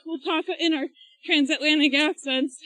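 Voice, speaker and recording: Woman podcast co-host, high voice, dry close sound, chatty explainer recorded on a run. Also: steady tone, moderate pace, sharp tone, no echo, rough recording. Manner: chatty, explains at length with laughs. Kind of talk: casual chat while running. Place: outdoors, on a run.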